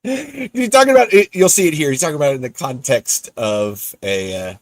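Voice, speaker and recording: Rambling, lively male podcast host. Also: a little high, brisk, no echo. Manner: rambling, self-interrupting, laughs often. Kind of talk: casual livestream chat.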